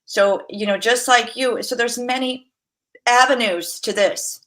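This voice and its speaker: A massage therapist guest speaks in a slightly high, unhurried voice while chatting casually in an interview. Animated and quick to laugh, she acts out the voices in her stories.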